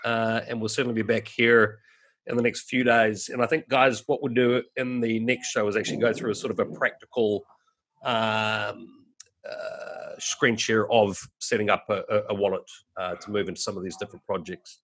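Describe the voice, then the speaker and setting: A man's voice: fairly low pitch, level tone, moderate pace, a bit bright. A man hosting a casual video chat, talking loosely with many fillers and restarts. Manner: chatty, filler-heavy, frequent restarts. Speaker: host.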